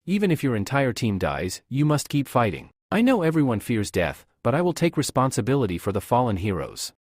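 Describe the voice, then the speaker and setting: A man's voice: medium pitch, very animated, fairly quick, no room sound, clean studio sound. A man reading a caring young city lord. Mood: commanding. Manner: commanding, reassuring.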